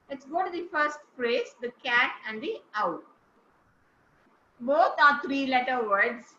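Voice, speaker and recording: A woman leads a speaking lesson with a high, bright voice. She explains step by step and keeps asking the group questions. The sound is roomy and a little dull, as if taped in an echoey meeting room. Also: slight background noise. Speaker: speaking coach. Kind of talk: classroom lesson on word stress.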